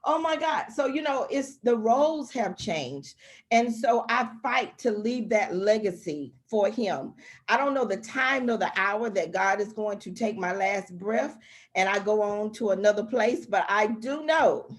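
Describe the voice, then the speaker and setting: A woman's voice: mid-range voice, animated, unhurried. A woman speaking as a guest on a community call, heartfelt and emphatic in her encouragement. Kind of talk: motivational talk.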